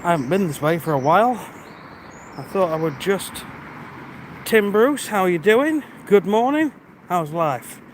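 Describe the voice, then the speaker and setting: High-voiced British man chatting on a walk. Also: expressive, unhurried, pauses often, slight background noise. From Britain. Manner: chatty, greets viewers by name. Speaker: livestreamer. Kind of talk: casual live-stream chat while walking. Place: outdoors on a rural walk.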